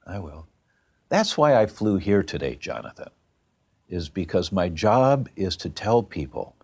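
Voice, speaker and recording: A man's voice: deep voice, big pitch swings, unhurried, gravelly, a little mellow. A man telling a personal story as a guest, emphatic and plain-spoken.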